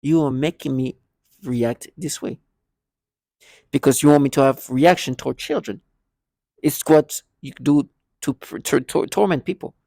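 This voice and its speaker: Pausing often, this vlogger speaks unhurriedly at medium pitch with vocal fry and a mellow tone, in studio-quality audio with no echo. He rambles through personal memories, restarting and repeating words while playing both parties in remembered exchanges.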